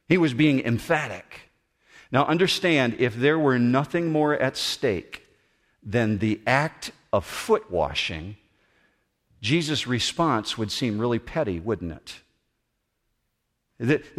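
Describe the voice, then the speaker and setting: A man preaching a sermon as pastor, animated and acting out the voices he quotes. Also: mid-range voice, unhurried. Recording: long hall reverb.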